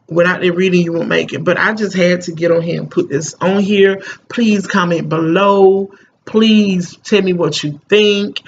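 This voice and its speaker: Emphatic gravelly-voiced mother vlogging. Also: fairly low pitch, dull audio, a little hiss or hum. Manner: emphatic, rambling, repeats "you know what I'm saying". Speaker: parent vlogger. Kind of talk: casual chat to camera.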